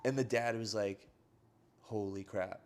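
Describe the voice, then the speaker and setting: A man's voice: lowish voice, measured pace. A man co-hosting a podcast, casually retelling a film plot and acting out the characters' lines. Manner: animated storyteller acting out quoted lines, frequent "like". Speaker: podcast co-host.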